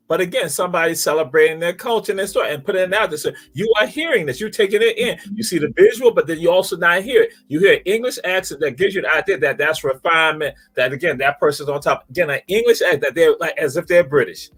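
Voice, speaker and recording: A man's voice: fairly high pitch, animated, fast talker, a bit bright, husky, soft background music. A man hosting a talk show, speaking in a preacherly way and repeating phrases for emphasis. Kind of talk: spirited talk show monologue.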